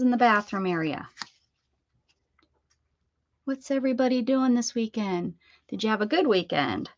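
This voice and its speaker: A woman's voice: expressive, normal speed, long pauses, dull audio. A woman hosting a casual craft livestream, chatting to viewers and cooing at her dog as she works. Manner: chatty, coos at her dog in a high baby-talk voice.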